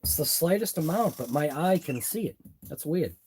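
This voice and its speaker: A man's voice: fairly high pitch, animated, moderate pace, darkish tone, slight background noise. A man hosting a live RC car workshop stream, thinking aloud as he wrenches in his garage. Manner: muttering thoughts aloud as he works. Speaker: RC hobby channel host.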